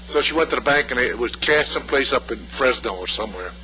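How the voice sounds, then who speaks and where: A man in the audience telling a quick story from the floor at a community meeting. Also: medium pitch, lively intonation, low-quality recording. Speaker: audience member.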